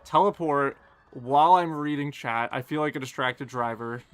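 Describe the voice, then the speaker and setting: A young man, streaming a game live and chatting casually and quickly with his viewers, joking at his own expense. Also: mid-range voice, a bit bright, clear, resonant tone, no room sound, faint music behind. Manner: fast, casual, self-deprecating chatter. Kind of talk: live gameplay commentary and chat Q&A.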